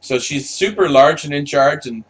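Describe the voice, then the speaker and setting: A man's voice: a little high, moderate pace. A man delivering a heated, profanity-filled opinion rant, stammering and repeating himself as he talks. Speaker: commentator.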